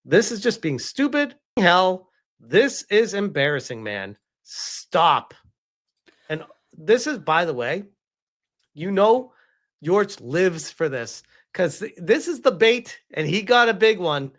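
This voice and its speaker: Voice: medium pitch, sing-song, measured pace. A host giving casual, sarcastic commentary on online drama and reading posts aloud in an exasperated tone.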